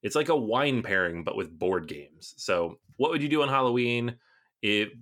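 A man co-hosting a podcast in relaxed, self-deprecating chat. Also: medium pitch, moderate pace. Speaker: podcast co-host. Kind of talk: casual chat.

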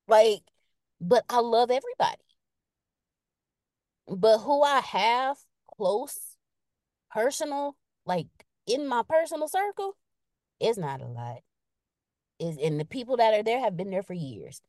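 A woman chats on a podcast in a lively, expressive way, reading out viewer comments. Her voice sits a little high and swings widely in pitch. The sound is dry and close. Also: normal speed, no room sound. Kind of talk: casual live-stream chat.

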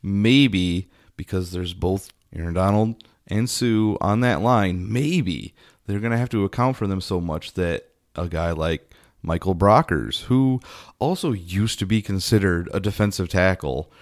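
A man co-hosting a casual football talk show, relaxed and measured, with some fillers. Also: low-pitched, no echo, clean studio sound. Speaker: sports podcast co-host.

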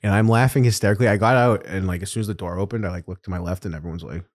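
Low-voiced and rapid-fire, a man hosting a podcast tells a story in casual chat, full of animation and frequent laughs.

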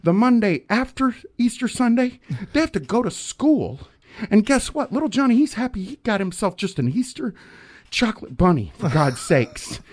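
A man's voice: sits high, very animated, normal speed, voice pushed up. Man doing a blustering self-righteous caller. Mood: indignant rant. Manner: ranting, stammering, self-righteous. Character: indignant blustering middle-aged male citizen-patrol caller. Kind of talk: comedic call-in radio bit.

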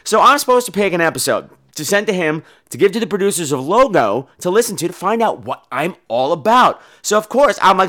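A man hosting his own podcast, chatting casually in a campy, animated way and slipping into playful put-on voices. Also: sits high, a little fast, hardly any pauses. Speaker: podcast host. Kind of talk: casual solo podcast chat.

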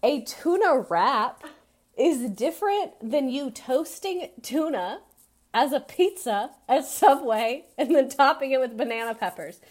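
A woman co-hosting a podcast in relaxed, casual chat, with a voice that sits slightly high. She talks in an animated way, laughs often and slips into quoted people's voices as she tells stories. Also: unhurried. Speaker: podcast co-host.

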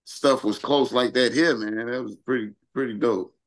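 A man's voice: mid-range voice, normal speed. A man from Chicago's South Side, a guest hip hop artist, chatting in a laid-back way and ending phrases with "man". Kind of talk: casual chat.

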